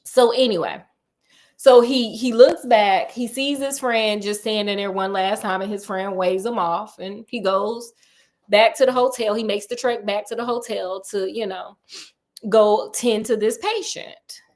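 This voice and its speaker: A woman retelling a classic story in a casual, animated way, full of jokey slang asides to her listeners. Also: medium pitch, a little slow.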